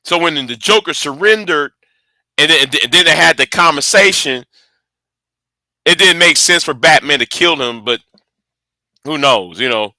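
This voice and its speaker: A man giving casual rambling commentary, excitable and cursing often, stumbling over and repeating his words. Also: fairly high pitch, normal speed, pauses often, no echo. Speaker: online commentator.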